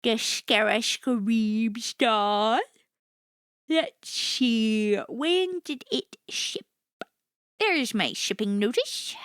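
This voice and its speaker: A woman's voice: fairly high pitch, lively intonation, extremely slow, a bit bright, clear, resonant tone, dry recording, studio quality. A woman streamer chatting casually, ranting and swearing freely in a jokey, self-mocking way. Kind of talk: casual chat.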